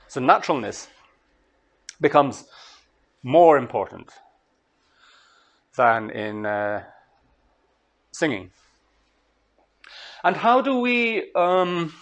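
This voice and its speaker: Scottish man giving a relaxed lecture. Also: a little high. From Scotland. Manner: relaxed, thinking aloud with fillers and small laughs. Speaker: translator giving a master class.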